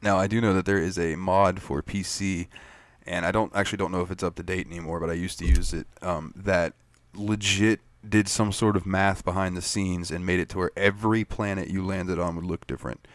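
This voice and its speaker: A low-pitched man chats casually on a gaming podcast, a relaxed co-host recounting his playthrough. The recording is dry and close, with little room sound. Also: brisk, dry recording. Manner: animated storytelling, acts out game characters.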